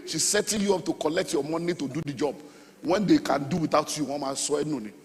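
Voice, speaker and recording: A middle-aged Nigerian man preaching a sermon as pastor, animated, with sudden shouts and sung phrases. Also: fairly high pitch, fast talker. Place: church hall. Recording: long hall reverb, faint music.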